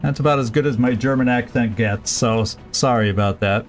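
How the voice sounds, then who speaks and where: A man's voice: mid-range voice, a little fast, faint music behind. A man streaming a strategy game, thinking aloud through each move with plenty of fillers and restarts. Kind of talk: casual let's-play commentary.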